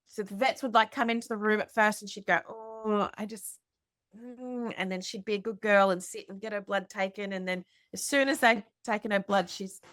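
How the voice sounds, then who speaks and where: A woman hosting a podcast, telling a story in a chatty, animated way with lots of fillers. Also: medium pitch, dry recording, studio quality. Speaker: podcast host. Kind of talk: casual storytelling chat.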